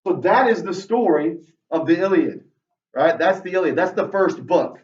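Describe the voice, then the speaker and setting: A male English teacher giving a lively classroom lecture to students, ending nearly every sentence with "right?". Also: high-pitched, moderate pace. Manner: tags most sentences with "right?"; lively, talks straight to students. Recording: roomy, dull classroom audio from far off.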